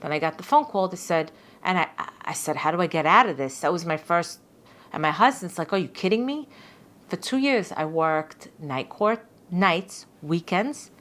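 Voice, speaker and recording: Speaking at normal speed with a fairly low pitch, this middle-aged judge appears as a podcast guest and shares stories casually. Her lively delivery features repeated words and acted-out quotes.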